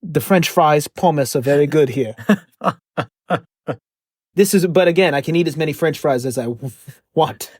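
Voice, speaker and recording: A man's voice: fairly high pitch, moderate pace, long pauses, no room sound, clean studio sound, natural voice. A man playing an eccentric male interdimensional superhero, talking flamboyantly with accents that shift and slip. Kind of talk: improvised comedy podcast.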